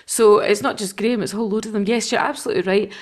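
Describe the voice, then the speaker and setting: A woman's voice: medium pitch, steady tone, rapid-fire. A Scottish woman hosting a podcast, chatting casually and animatedly about politics with frequent laughs. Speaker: podcast host.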